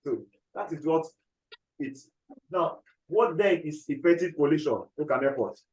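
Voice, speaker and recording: A man's voice: fairly high pitch, a little mellow, roomy sound, poor audio. A man teaching chemistry in a classroom, dictating notes and often checking whether the class follows. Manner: repeats key phrases slowly, checks understanding often.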